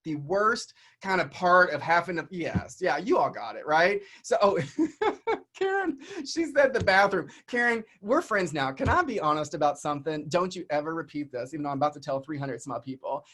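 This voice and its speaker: Over a video call, a keynote speaker from the Southern United States tells his audience a story, calling them y'all. His voice is a little high and at normal speed, and his delivery is animated and chatty.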